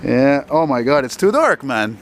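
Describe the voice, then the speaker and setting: A man, walking a city street at night and chatting into his camera in a rambling, profane, easily excited way. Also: mid-range voice, unhurried. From Quebec, Canada. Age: 40s. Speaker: vlogger. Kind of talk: casual walking vlog. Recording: street traffic noise outdoors.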